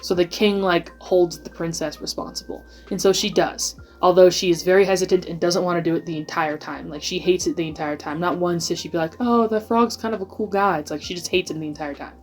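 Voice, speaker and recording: A woman talks her way through a casual video essay, rambling and leaning hard on filler words. Her voice sits on the low side for a woman. Faint background music plays quietly under her. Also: big pitch swings, brisk, few pauses.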